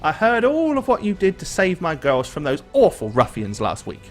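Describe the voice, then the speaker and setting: A man's voice: high-pitched, wildly swooping pitch, normal speed, soft background music, voice pushed up. A man voicing a kindly, motherly farm wife who speaks politely and gushingly.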